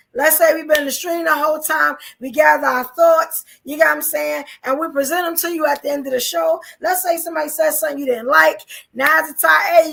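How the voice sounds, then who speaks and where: High, gravelly-voiced woman podcast host. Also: a bit bright. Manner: chatty, repeats "you know what I'm saying". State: losing her voice. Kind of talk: casual live-stream chat.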